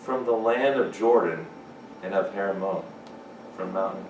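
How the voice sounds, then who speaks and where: Male chapel preacher, animated and exclamatory, lowish voice, distant mic, noisy echoing hall. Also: unhurried, dull audio. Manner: animated, rising to excited exclamations. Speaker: chapel speaker. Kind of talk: lively chapel sermon. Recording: echoey hall from far off, background noise.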